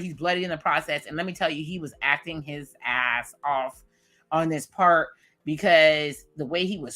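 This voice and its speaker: A woman's voice: lowish voice, a bit bright. A woman in her late thirties casually recapping a TV episode, animatedly acting out her own reactions to the scenes. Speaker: TV recap vlogger.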